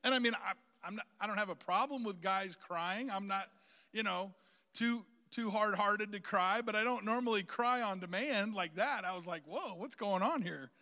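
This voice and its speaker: A man's voice: high-pitched, moderate pace, bright, forceful tone, in a large hall. A man preaching a sermon, outgoing and talkative, calling on the congregation to repeat phrases after him.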